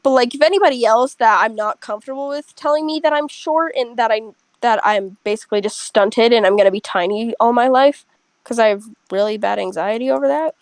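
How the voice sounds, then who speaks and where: Young girl w a high voice rambling thru a work story to her friends, dead dry audio. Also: a little fast, no echo, low-quality recording. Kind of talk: casual chat.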